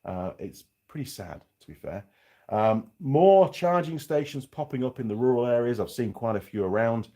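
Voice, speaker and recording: Chatting frankly to his livestream audience, a middle-aged Yorkshire mechanic who hosts the channel talks at a normal speed with lively intonation. His voice is medium-pitched and mellow, his Yorkshire English accent faded, and he drifts into casual, rambling asides.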